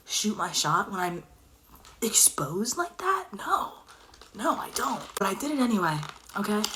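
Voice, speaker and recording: A young woman telling a personal story in casual chat, animated and dropping into whispers for emphasis. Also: medium pitch, a little hiss or hum.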